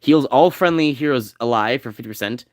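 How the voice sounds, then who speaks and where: Brief: man, mid-pitched, casual gameplay chatter, rattles off game text, dry close mic. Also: a little mellow, no echo. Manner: rambling, reads game text aloud fast. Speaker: game streamer.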